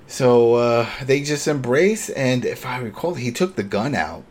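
A man co-hosting a casual recap chat, retelling scenes with lively acted-out lines. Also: medium pitch, a little slow, few pauses, slight background noise. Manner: animated retelling, acts out characters' lines. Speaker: podcast co-host.

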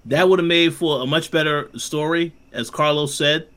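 A man's voice: on the high side, steady tone, a bit bright. A man hosting a casual podcast discussion, stepping in to make his points. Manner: steers the talk, makes quick comments.

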